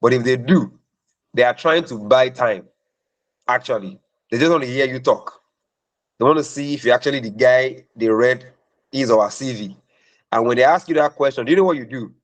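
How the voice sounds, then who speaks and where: A man's voice: medium pitch, moderate pace, pauses often, poor audio. A man talking as a career mentor in a question-and-answer session, emphatic and preachy, repeating points for stress.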